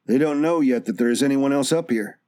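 A man voicing a calm, well-spoken stranger in an audiobook, quiet and precise, raised well above his narrating voice. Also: medium pitch, fairly quick, clean tone, no room sound, studio quality, pitched above the performer's own voice, close to an everyday voice. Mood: earnest.

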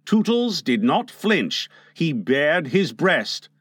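A man reading a children's novel aloud as an audiobook narrator, with expressive delivery. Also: a little high, takes it slowly, no room sound, clean studio sound.

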